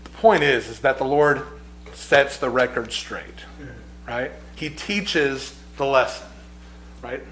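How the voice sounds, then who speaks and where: A man's voice: medium pitch, slow pace, a bit bright, echoey room. A man preaching a sermon, reflective and repeating his phrases, rising with emphasis on key points.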